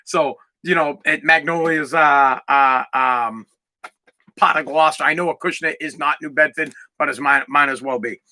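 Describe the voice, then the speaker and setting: A man from Massachusetts, hosting a solo podcast and ranting loudly with lots of swearing and restarts. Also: on the high side, steady tone, moderate pace. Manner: loud, swearing, repetitive restarts. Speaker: podcast host. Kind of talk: profane solo podcast rant.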